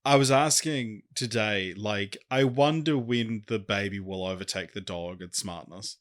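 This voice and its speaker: Male co-host, loose rambling banter with laughs, bright tone. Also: on the low side, measured pace. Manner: rambling, hesitant, laughs often. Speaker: podcast co-host. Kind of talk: casual chat.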